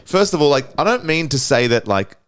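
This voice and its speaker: A man's voice: fairly high pitch, big pitch swings, brisk, a bit bright, smooth. An Australian man in his thirties telling a rambling, profane story in casual podcast chat. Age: 30s. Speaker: podcast panel member.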